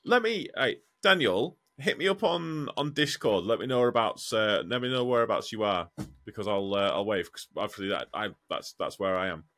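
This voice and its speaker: A man's voice: on the low side, moderate pace. A man, a truck driver co-hosting a podcast and telling stories in casual chat, swearing freely. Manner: swears freely, animated storytelling.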